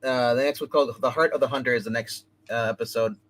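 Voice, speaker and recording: A man sits and recaps comic book issues in a loose, chatty way. He restarts sentences often and drifts from point to point. His pitch sits in the middle range for a man. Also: fairly even intonation, fast, fairly bright tone. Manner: loose, rambling retelling with many restarts. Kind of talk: casual solo comic review, retelling plots.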